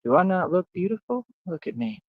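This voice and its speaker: A man's voice: high voice, sing-song, fairly quick, no room sound, phone-quality sound. A man in a casual livestream rant, using street slang, repeating himself and talking straight to his viewers. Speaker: livestream host.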